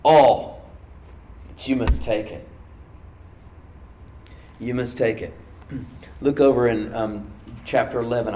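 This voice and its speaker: Man, pastor, sermon, emphatic slowed-down stress, roomy echo, faint background hum. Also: medium pitch, a little mellow, distant mic. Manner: emphatic preaching, slows down to stress key words. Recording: echoey room, from off mic.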